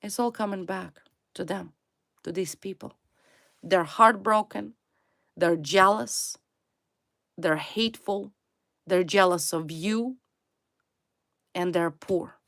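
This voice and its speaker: A woman reads tarot cards for her viewers at an unhurried, deliberate pace, her voice sitting a little low. She hammers points home by repeating single words. The sound is dry and close, with no room around it. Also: no echo. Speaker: tarot reader. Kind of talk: tarot reading addressed to viewers.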